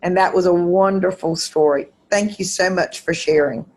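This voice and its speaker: A woman's voice: on the low side, steady tone, moderate pace, darkish tone. Chatty woman hosting an online meeting. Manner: friendly, chatty, with fillers. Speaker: host. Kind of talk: casual meeting chat.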